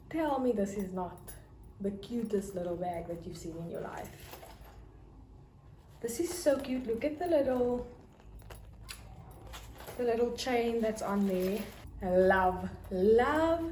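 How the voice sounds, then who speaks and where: A young South African woman with a South African accent, gushing over her haul in a casual fashion vlog. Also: mid-range voice. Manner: gushing, bursts into excited squeals. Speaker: fashion vlogger. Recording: echoey room with faint noise.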